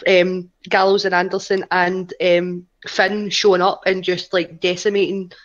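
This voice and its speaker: A woman's voice: fairly low pitch, flat delivery, measured pace. Woman co-host, casual rambling talker, lo-fi mic. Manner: rambling, sweary, lots of "like". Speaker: podcast co-host. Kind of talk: casual wrestling chat.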